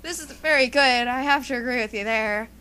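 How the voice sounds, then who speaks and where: A woman's voice: fairly high pitch, brisk, sharp tone, clear, resonant tone. A woman doing a silly, exaggerated comedic parody dub of an anime scene, often breaking into giggles. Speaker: fan dubber.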